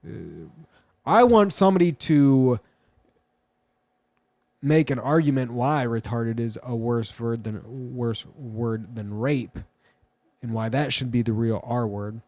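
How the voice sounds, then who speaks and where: A man's voice: mid-range voice, unhurried, a little mellow, no echo. A man rambling through a crude, joking, meandering casual monologue as a vlogger.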